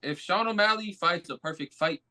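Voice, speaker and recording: A man's voice: high-pitched, normal speed, sharp tone. A man as a podcast guest, joking and a bit hesitant, often saying bro. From USA. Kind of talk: casual sports chat.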